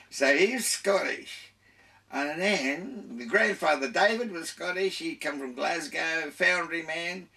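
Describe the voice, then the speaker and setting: A man's voice: a little high, slow pace, vocal fry, bright, forceful tone, recorded from a distance. An older man with an Australian accent, a radio guest telling his life story in a rambling way, full of restarts and laughter.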